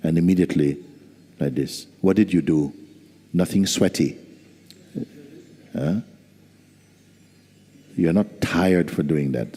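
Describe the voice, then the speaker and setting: A man as spiritual teacher giving a slow, soft-spoken satsang talk with gentle humor. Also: deep voice, husky. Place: large hall. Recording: reverberant hall.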